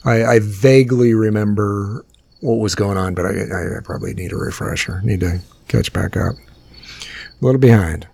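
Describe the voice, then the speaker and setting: A man co-hosting a podcast, talking in an easygoing, relaxed way. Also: fairly low pitch, normal speed, gravelly, a little hiss or hum. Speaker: podcast co-host. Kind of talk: casual chat.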